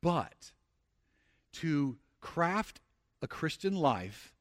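Pastor preaching, slightly higher man's voice. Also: sing-song. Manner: conversational preaching, frequent restarts, slows for emphasis. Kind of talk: sermon.

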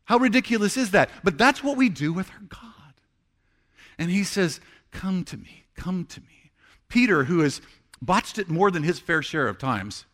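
A man's voice: high voice, big pitch swings, normal speed, a bit bright. A man preaching a sermon as pastor, conversational and earnest, acting out heartfelt prayers.

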